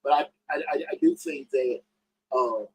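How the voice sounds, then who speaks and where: A man hosting a casual call-in podcast, talking in bursts with frequent restarts and emphatic upward pitch jumps. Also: wildly swooping pitch, moderate pace, vocal fry, fairly bright tone, breathy edge, poor audio. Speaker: podcast host.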